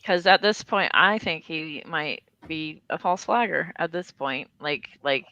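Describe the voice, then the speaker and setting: A woman's voice: sits low, measured pace, sharp tone, dry recording, highs cut off. A woman hosting a casual online chat, rambling with many fillers. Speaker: podcast host.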